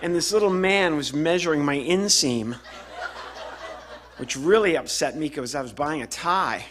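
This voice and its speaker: On stage at a live venue, a man performs stand-up, telling a story and acting out the voices of the people in it while the audience laughs. His voice is fairly high and unhurried, with a noisy background.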